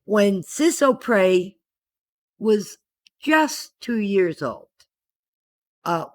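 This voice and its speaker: A woman's voice: mid-range voice, sing-song, very slow, dry recording. An older woman, the host's mother, telling a meandering family anecdote in a casual way. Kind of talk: casual storytelling.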